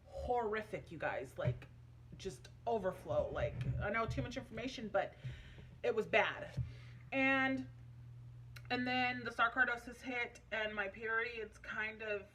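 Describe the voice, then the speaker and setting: A woman's voice: medium pitch, a bit bright, a little hiss or hum. A young adult woman vlogging casually, telling a personal story in a chatty, emotional way with many fillers.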